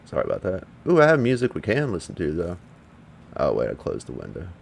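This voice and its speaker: A man's voice: low-pitched, wildly swooping pitch, fast talker, creaky, slight background noise. A man, streaming from home, rambles and swears as he chats casually with viewers. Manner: rambling, profane, talks back to viewers. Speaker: livestreamer. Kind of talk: casual livestream chat.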